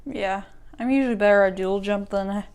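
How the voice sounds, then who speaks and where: A woman with a smooth, clean voice talks through a casual tech walkthrough. She rambles and keeps stopping to rephrase and correct herself mid-sentence. Her pitch sits in an ordinary middle range. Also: brisk, darkish tone. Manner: rambling, self-correcting, restarts sentences often. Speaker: tech YouTuber.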